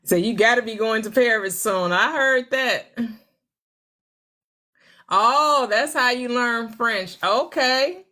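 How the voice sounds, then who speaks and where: A woman in her forties hosting a casual livestream, laughing often as she answers viewer comments and tries out halting schoolbook French. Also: a little high, bright, forceful tone. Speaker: livestream host. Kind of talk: casual live chat reading viewer comments.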